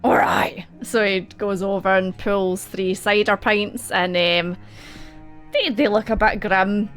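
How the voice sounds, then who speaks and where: A woman's voice: medium pitch, takes it slowly, fairly bright tone, faint music behind. A young Scottish woman narrating as game master, rambling and laughing often.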